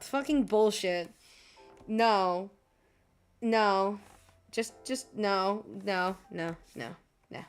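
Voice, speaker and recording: Slow-talking woman muttering while drawing. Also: mid-range voice, a bit bright, faint music behind. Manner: rambling, exasperated muttering to herself; swears casually, laughs often. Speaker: art streamer. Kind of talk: casual chat while drawing.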